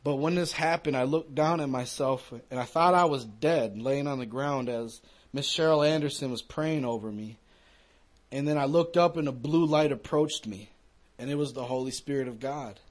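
A man's voice: mid-range voice, normal speed. A man giving an earnest personal testimony in a conversational storytelling way, speaking to a young audience.

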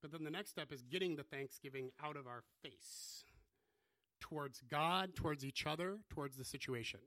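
Male pastor preaching casually with self-deprecating jokes, slightly high, dry close sound. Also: normal speed, bright, forceful tone, dry recording. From US Midwest. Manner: conversational, self-deprecating, joking asides. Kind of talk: sermon.

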